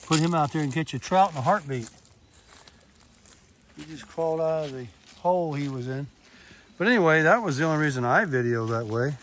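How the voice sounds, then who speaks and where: A man's voice: a little high, expressive, a little fast, pauses often, a bit bright, a little hiss or hum. An older man vlogging casually while hiking a wooded trail, chatting to viewers through his camera's built-in mic. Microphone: camera mic, no external microphone.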